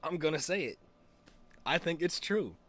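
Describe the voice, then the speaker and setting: A man's voice: a little high, lively intonation, normal speed, a bit bright. A young man streaming and chatting casually, rambling with lots of fillers, restarts and swearing. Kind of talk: casual chat.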